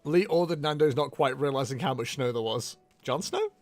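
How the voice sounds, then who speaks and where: A man's voice: medium pitch, brisk, soft background music. A man casually chatting to his stream from home, teasing his viewers with playful mock outrage. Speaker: livestream tournament commentator.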